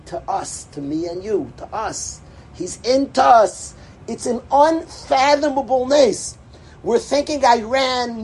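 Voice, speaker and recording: Emphatic preacher at a gathering, mid pitch, rambling and repeating lines, faint noise behind. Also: a little mellow, low-quality recording. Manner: emphatic and repetitive, mixing in Hebrew and Yiddish terms; rambling, broken-off phrases. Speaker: speaker addressing a religious gathering. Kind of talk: impassioned religious talk.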